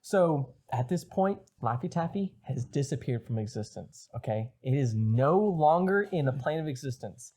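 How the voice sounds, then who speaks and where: A man's voice: medium pitch, expressive, normal speed, few pauses, dark tone. A young man co-hosting a casual podcast, telling a rambling, profane story. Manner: rambling storyteller, swears a lot. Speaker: podcast co-host. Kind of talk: casual chat.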